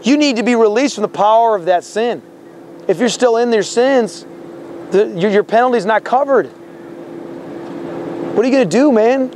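A man's voice: very high voice, normal speed, pauses often, a little mellow, slight background noise. A man street preaching outdoors on a campus, fervent and confrontational, quoting scripture and repeating his words. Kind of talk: confrontational open-air preaching.

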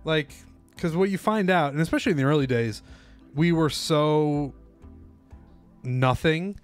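A man's voice: a little high, a little slow, clear, resonant tone, faint music behind. A young man who hosts a golf podcast, chatting casually and laid-back, often saying "dude" and swearing offhand. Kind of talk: casual chat.

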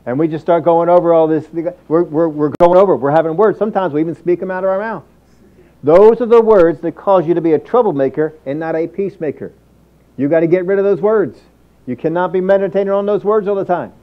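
A man's voice: fairly high pitch, fast, muffled recording. A man preaching a sermon as pastor, emphatic and repetitive, often acting out inner thoughts.

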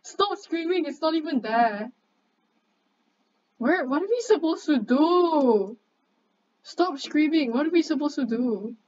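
A young woman, chatting excitably and bossily with a friend while commenting on a game, swearing casually. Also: sits high, slow pace, long pauses. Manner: excitable, chatty, bossy banter. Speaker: gamer. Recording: dull lo-fi mic, faint background noise.

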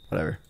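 A young man streaming a game live, talking casually, swearing and yelling when things surprise him. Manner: excitable, swears a lot, yells when startled. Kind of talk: live-stream gaming commentary.

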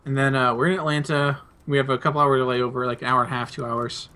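A man's voice: mid-range voice, flat delivery, quick pace, sharp tone. A young man, host of a two-player gameplay video, casually rambling through a personal anecdote. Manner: rambling anecdote, laid-back. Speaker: let's play host.

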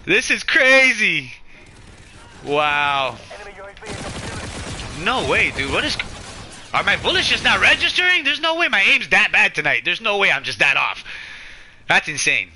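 Very bright, excitable male game streamer. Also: sits high, normal speed, pauses often, a little hiss or hum. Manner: excitable, overwhelmed and emotional. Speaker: gaming streamer. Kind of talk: live gameplay stream commentary. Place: home at night. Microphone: headset.

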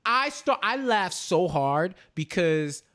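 A man's voice: sits high, slow. A young adult man co-hosting a podcast, chatting casually and acting out scenes with many restarts. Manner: animated, restarts often, acts out scenes. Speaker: podcast co-host. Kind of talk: casual chat.

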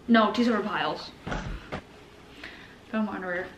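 A woman's voice: mid-range voice, normal speed, fairly bright tone, a little hiss or hum. Chatty young woman in an echoey room. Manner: scattered, self-mocking, chatty. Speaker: vlogger. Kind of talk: casual talking to camera. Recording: echoey room with faint ambience.

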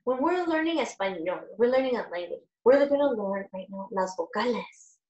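A woman's voice: on the high side, lively intonation, moderate pace, darkish tone, recorded from a distance, lo-fi sound. A woman children's music educator from Los Angeles, leading a bilingual lesson that mixes talk and song, upbeat and coaxing as she moves between English and Spanish. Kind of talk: bilingual kids' music lesson, talking and singing. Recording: roomy home stream with guitar and keyboard music.

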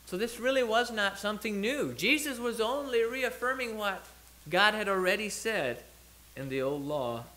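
A man's voice: high-pitched, pushed and bright. A man preaching a sermon in church, talking it through in a conversational way with restarts and self-corrections as he thinks aloud.

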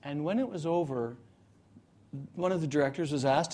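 A man presenting at a meetup, telling a joke and then explaining his ideas in a measured way. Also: fairly high pitch. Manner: relaxed joking storyteller, then measured explainer. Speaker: presenter, guest speaker. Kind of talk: live talk at a meetup. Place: meetup room in front of an audience.

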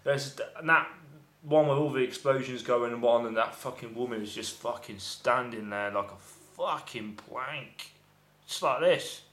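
A man's voice: mid-range voice, unhurried, fairly bright tone. A man giving a rambling, profanity-laced film review, often exasperated. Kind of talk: casual ranting film review. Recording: echoey room.

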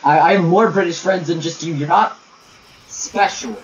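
A man's voice: on the high side, moderate pace. A young man chatting with teammates while gaming, crude and joking, bickering and telling stories. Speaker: gamer streaming with friends. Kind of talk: casual party chat over gameplay. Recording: distant, dull lo-fi mic with faint hiss.

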